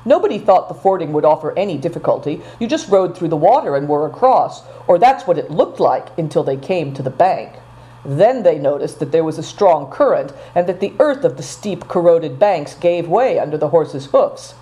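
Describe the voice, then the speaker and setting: A woman narrates a storybook in an expressive reading voice. Her voice is low and mellow. The pitch moves freely from line to line. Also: normal speed, highs cut off. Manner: expressive, even-paced reading.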